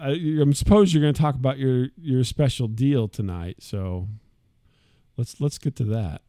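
A middle-aged man co-hosting a podcast, telling a story in a lively, casual way and mimicking the voices of others. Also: mid-range voice, normal speed, dry recording, studio quality. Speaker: podcast co-host. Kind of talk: casual chat.

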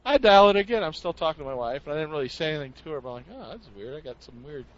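A man's voice: fairly high pitch, animated, rapid-fire, a little hiss or hum. A man with a somewhat raised voice tells a rambling story in casual comedic chat. He acts out the noises he heard along the way. The recording is dull and lo-fi. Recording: dull lo-fi sound.

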